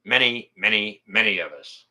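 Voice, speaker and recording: A man's voice: fairly low pitch, moderate pace, pushed and bright. A man hosting his own channel, chatting casually with viewers on a livestream, blunt and plain-spoken and swearing freely, rambling and correcting himself as he goes. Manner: rambling, self-correcting delivery. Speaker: YouTube channel host. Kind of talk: casual livestream chat reading viewer comments.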